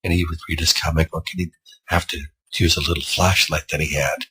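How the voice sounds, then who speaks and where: Man, low and very raspy, lively intonation, rambling casual storyteller. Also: brisk, poor audio. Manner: rambling, conversational, with asides. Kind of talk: improvised spooky storytelling.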